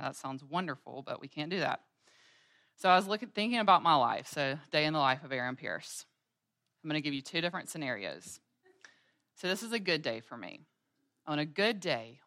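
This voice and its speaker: A woman in her thirties leads a women's Bible study in a low, earnest voice. She teaches through homely stories from her own days and acts out little scenes as she goes. Her voice sounds close and dry, with no room echo. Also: a bit bright. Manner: earnest storytelling, acting out everyday scenes with quoted voices.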